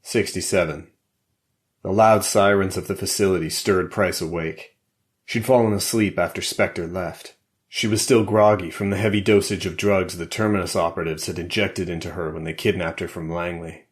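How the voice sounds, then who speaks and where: Low-voiced guy reading a spy thriller audiobook, steady and measured. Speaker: audiobook narrator. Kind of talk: scripted narration.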